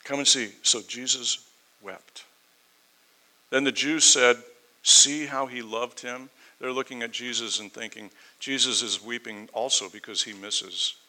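A man preaching a sermon, reading scripture aloud and then explaining it in a conversational way, swinging between loud emphasis and quiet asides. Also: mid-range voice, steady tone, unhurried, low-quality recording. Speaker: pastor. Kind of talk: sermon, verse-by-verse Bible teaching.

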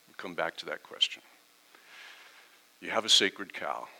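Man, pastor, middle-aged, low pitch, very bright tone, conversational sermon, acted-out dialogue. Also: expressive, unhurried, creaky, pauses often, rough recording. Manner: conversational preaching, acts out quoted exchanges.

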